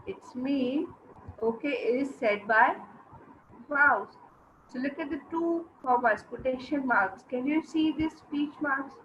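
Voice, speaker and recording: A woman teacher giving an online English lesson to young children. She explains slowly, repeats words and asks the class questions. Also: high voice. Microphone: video lesson mic. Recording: dull lo-fi with faint noise.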